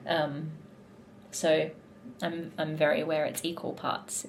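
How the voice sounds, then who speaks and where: A woman's voice: low-pitched, level tone, slow pace, a little hiss or hum. A young woman in casual vlog chat, talking in a gushing, heartfelt way as a musical theatre performer backstage.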